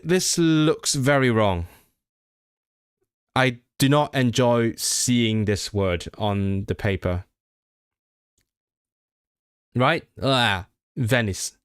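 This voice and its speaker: A young man with a fairly low, smooth voice works through practice sentences, repeating words and stopping to correct himself. He talks casually, switching between study and chatter, recorded close and dry with almost no room sound. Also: no room sound. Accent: non-native Welsh learner. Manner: thinks aloud, reads Welsh sentences aloud, self-corrects and repeats words. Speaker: language learner streamer. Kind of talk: casual livestream study session.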